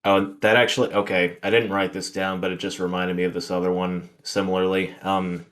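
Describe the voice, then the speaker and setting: A man's voice: deep voice, flat delivery, brisk, fairly bright tone. A man hosting a podcast, telling a work story in a rambling, filler-heavy, profane way. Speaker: podcast host. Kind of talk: casual storytelling chat.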